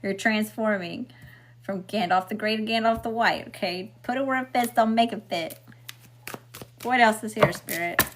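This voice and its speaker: A woman's voice: medium pitch, moderate pace, background noise. A middle-aged woman doing a casual spiritual tarot reading, emphatic and blunt, checking in with "okay?" and swearing freely. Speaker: tarot reader.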